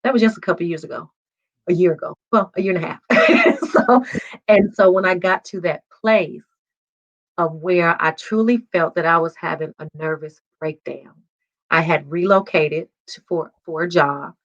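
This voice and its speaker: A woman in her forties shares a candid, emotional personal testimony, breaking into laughs as she goes. Her voice sits low. The recording sounds dull and lo-fi. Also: very animated, normal speed. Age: 40s. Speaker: guest.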